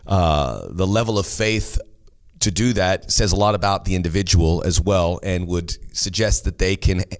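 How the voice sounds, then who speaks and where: A man's voice: sits low, moderate pace. A man co-hosting a casual soccer talk show, chatting and answering listener questions. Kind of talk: casual sports chat. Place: studio near the team's home ground.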